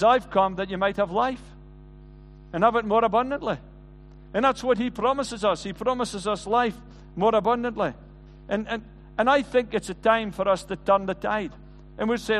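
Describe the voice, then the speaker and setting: A man's voice: high-pitched, a bit bright, big-room sound, a little hiss or hum. A male pastor preaching an earnest sermon, often stumbling and restarting his words. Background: band music.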